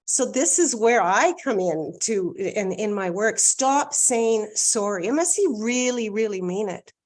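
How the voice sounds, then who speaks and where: A woman from Canada speaking as a life coach in a casual conversation. Her delivery is energetic and emphatic, with key phrases said twice to land them. Her voice sits at a middling pitch for a woman. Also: a little slow.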